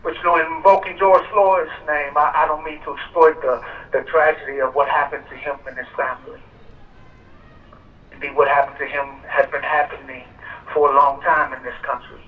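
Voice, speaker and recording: Male prison caller, measured speech, muffled phone line over outdoor speakers. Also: on the high side, little pitch movement, echoey room, distant mic. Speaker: death row prisoner calling into a rally. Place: prison phone relayed to an outdoor park rally.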